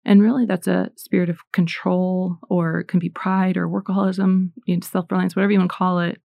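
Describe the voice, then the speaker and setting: A woman's voice: lowish voice, little pitch movement, brisk, gravelly, dry recording, highs cut off. A middle-aged woman from the United States giving a casual, earnest faith talk, chatty and full of fillers. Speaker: Christian speaker.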